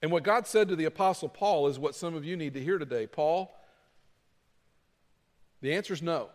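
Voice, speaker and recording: A man preaching a sermon as pastor, dramatic, moving between loud pleading and quiet asides. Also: a little high, quick pace, big-room sound.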